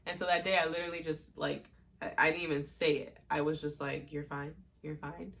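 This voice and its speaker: A young woman with a somewhat low voice talks casually about her own life. She rambles through stories with lots of fillers and little laughs. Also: steady tone, brisk, vocal fry, fairly bright tone. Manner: chatty, many fillers and laughs. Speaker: podcast host. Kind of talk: casual personal storytelling.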